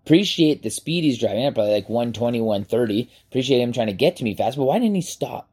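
A man in his forties, a podcast host, telling a personal story in a casual, animated way and swearing freely. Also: mid-range voice, quick pace, slightly rough. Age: 40s.

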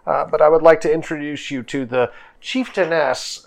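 A man's voice: on the high side, moderate pace, gravelly. A man narrating as game master of a tabletop game, casual and hesitant with fillers.

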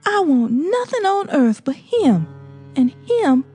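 A woman voicing a desperate young girl, high and strained. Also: big pitch swings, takes it slowly, warm tone, soft background music, exaggerated voice. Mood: anguished. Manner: trembling, pleading, high and strained.

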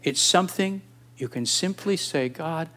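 A man in his sixties preaching a sermon, animated and emphatic, firing off rhetorical questions. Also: fairly high pitch, a little slow. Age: 60s.

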